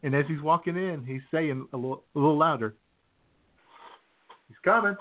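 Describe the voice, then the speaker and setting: A man's voice: on the high side, steady tone, fast, slight background noise. A man hosting a casual talk show, telling an anecdote and chuckling between lines. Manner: laughing through his anecdote, with restarts. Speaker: show host. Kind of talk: casual chat, storytelling. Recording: phone-quality audio.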